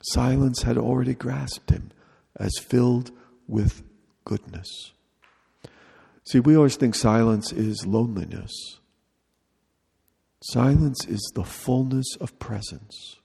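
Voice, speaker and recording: A man with a dark, mellow, gravelly voice leads a retreat talk in a large hall. He speaks slowly and deliberately and repeats short phrases. The sound carries a long reverb from the room. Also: mid-range voice. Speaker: retreat leader.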